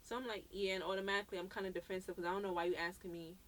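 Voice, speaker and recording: She's a Brooklyn podcast co-host with a medium pitch who talks very fast, and a faint hiss or hum sits under the audio. Chatting casually, she tells an animated story, performing each quote and cursing without restraint.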